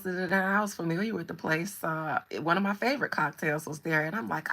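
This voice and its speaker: A woman casually telling a personal story on a podcast in an animated, frank way, swearing freely. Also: on the low side, fairly quick, few pauses.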